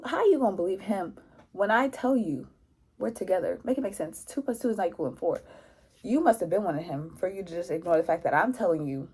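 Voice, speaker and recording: A young woman vlogger telling a casual storytime in a lively, slangy way, acting out what people said. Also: mid-range voice, breathy edge. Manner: animated, slangy, mimics people in quotes.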